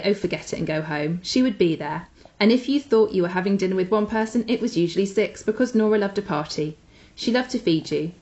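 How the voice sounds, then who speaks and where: A woman's voice: mid-range voice, darkish tone. Enthusiastic woman podcast co-host. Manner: enthusiastic, gushing. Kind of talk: casual chat with recommendations.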